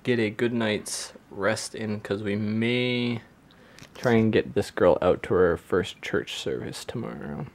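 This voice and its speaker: A man's voice: fairly low pitch, slow pace. A man hosting a family vlog at home, chatting easily with his wife and laughing often. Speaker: vlog host, new father. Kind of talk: casual home vlog chat.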